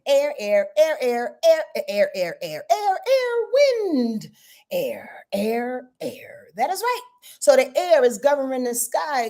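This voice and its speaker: A woman astrologer hosting a casual live stream, chatty and goofy, talking straight to her viewers and laughing at her own slips. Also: on the high side. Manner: animated, chatty, addresses viewers as y'all.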